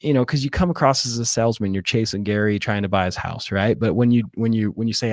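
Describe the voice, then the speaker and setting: A man's voice: on the low side, lively intonation, fast, hardly any pauses, no room sound. Dry-sounding man explaining phone scripts. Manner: acts out sample phone scripts, says "right?" often. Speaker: real estate wholesaler guest. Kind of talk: casual interview talk.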